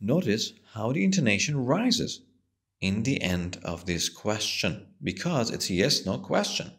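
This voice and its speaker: A man teaching an English lesson, explaining patiently and slowly with a strongly rising and falling voice. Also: on the low side, very animated.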